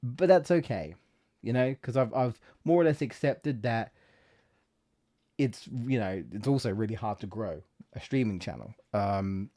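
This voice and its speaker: A man's voice: medium pitch, a little slow, dark tone. A man streaming a video game, rambling about content creation with frequent restarts and swearing. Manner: rambling, self-deprecating, swears, many restarts. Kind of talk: casual let's-play commentary.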